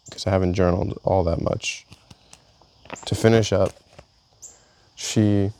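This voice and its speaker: A young man reads entries from his own journal aloud in a casual, halting way, often restarting his sentences. His voice sits low and has a gravelly, rough edge to it. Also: warm tone. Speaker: vlogger. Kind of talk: reading a personal journal aloud.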